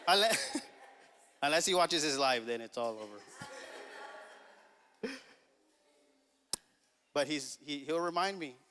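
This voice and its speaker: Here a male pastor in his thirties takes his time, pausing often, his fairly high voice expressive, bright and forceful. He preaches by sharing a family story in a relaxed, chuckling manner, acting out what people said. The church sanctuary gives the audio a long reverb.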